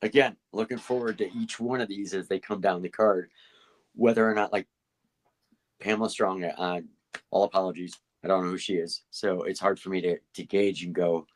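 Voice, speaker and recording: A man's voice: deep voice, fairly even intonation, moderate pace. A man co-hosting a fight podcast, laid-back and rambling, with a dry self-deprecating humor. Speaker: podcast co-host. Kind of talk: casual podcast chat.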